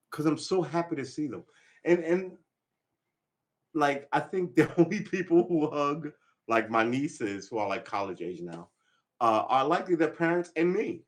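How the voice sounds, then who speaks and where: A middle-aged man chatting on a casual live stream, rambling and profane with many restarts, a little tipsy from drinks. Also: medium pitch. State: slightly tipsy. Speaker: vlogger.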